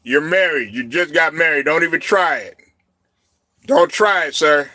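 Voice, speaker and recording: A man hosting a casual live stream, rambling and laughing often, breaking into loud shouted reactions. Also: on the high side, normal speed, no room sound, studio quality. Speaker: show host.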